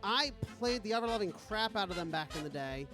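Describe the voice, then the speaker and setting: Chatty podcast co-host with a high voice. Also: male voice, expressive, fairly quick, music in the background. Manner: chatty, jokey, trails into laughs. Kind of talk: casual chat.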